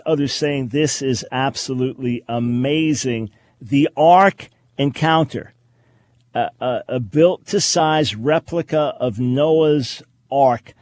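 Male radio talk host, energetic and emphatic, dry studio sound. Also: mid-range voice, dry recording. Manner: energetic, emphatic, with frequent restarts. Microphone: studio microphone.

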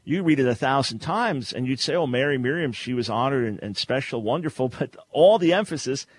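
A man's voice: lively intonation, fairly quick. A man hosting a radio call-in debate, pressing his points emphatically. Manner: emphatic, rising pitch when pressing a point. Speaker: radio show host.

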